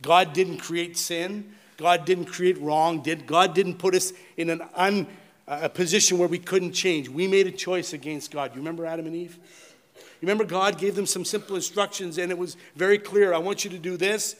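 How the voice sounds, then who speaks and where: A male pastor delivers a sermon with a fairly high-pitched voice. He pushes phrases up loud and emphatic, then sinks to low, quiet endings. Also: steady tone, moderate pace. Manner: dynamic preaching, swinging from loud emphatic peaks to low quiet drops.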